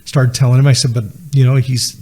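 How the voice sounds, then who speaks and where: A man's voice: medium pitch, level tone, brisk, dark tone, husky. A man, telling a personal story as a podcast guest, earnestly retelling conversations. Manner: earnest, retells dialogue with many "he said" asides.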